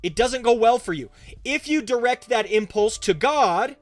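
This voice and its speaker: A man's voice: very high-pitched, expressive, moderate pace, no echo, soft background music. A young man, a pastor, talking casually on a livestream and answering viewers' chat questions as he goes. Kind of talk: livestream Q&A talk.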